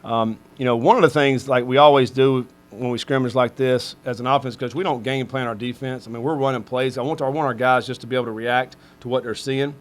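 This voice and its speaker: Man, middle-aged, football coach, press conference, rambling, filler-heavy, mid pitch. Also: fairly even intonation, brisk, few pauses, a little hiss or hum.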